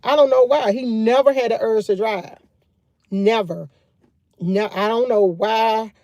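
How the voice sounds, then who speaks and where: Woman, livestream host, loud, chatty, laughing storyteller, dry close sound. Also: fairly high pitch, fairly even intonation, measured pace, no echo, highs cut off. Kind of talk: casual livestream chat.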